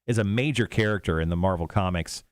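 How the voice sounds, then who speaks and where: Male morning radio co-host, low voice, dry close sound, rambling delivery. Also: fast, no room sound. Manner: rambling, filler-heavy, restarts. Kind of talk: casual radio banter and news read.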